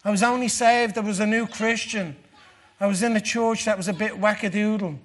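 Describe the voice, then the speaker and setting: An Irish man giving a personal testimony sermon to a church gathering, earnest, dropping low and slow for the dark parts. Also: steady tone, a little hiss or hum. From Ireland.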